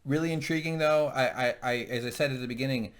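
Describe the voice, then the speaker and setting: A man's voice: medium pitch, fast. A man co-hosting a casual TV recap, joking, irreverent and swearing often. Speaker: podcast co-host.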